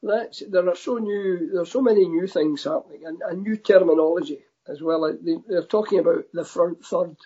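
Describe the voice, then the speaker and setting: An older man with a Scottish accent, a guest telling football stories in a relaxed, easygoing way, on a dull lo-fi line. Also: high voice, moderate pace, hardly any pauses, husky. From Scotland. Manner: relaxed storytelling, says "aye". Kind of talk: casual interview over a remote line.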